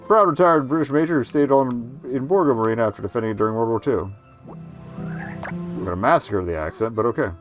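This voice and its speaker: A man giving casual let's play commentary, excitable, profane and self-mocking as he plays. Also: medium pitch, a little fast, faint music behind.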